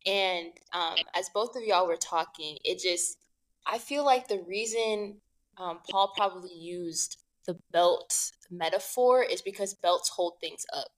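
A woman's voice: on the low side, unhurried, rough recording. A young woman hosting a podcast, talking casually and peppering her speech with "like". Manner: casual, filler-heavy with "like". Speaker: podcast host.

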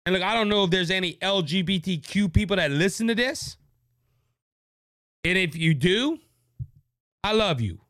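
A man's voice: sits high, expressive, moderate pace, pauses often, a bit bright, no echo, studio quality. A man from Louisiana hosting his own podcast, speaking into a microphone in a fervent, preachy way and repeating words when worked up. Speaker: podcast host. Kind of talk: impassioned political podcast monologue. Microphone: studio microphone.

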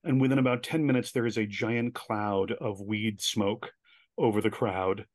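A man as an interview guest, telling animated stories and acting out the voices of people he quotes. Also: on the low side, moderate pace, dry recording, clean studio sound. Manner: animated storyteller who acts out quoted voices. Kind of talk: casual storytelling interview.

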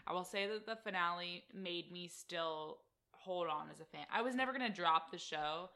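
A woman's voice: on the low side, normal speed, sharp tone. A young adult woman co-hosting a casual podcast, chatting eagerly about a reality show with lots of "like". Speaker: podcast co-host.

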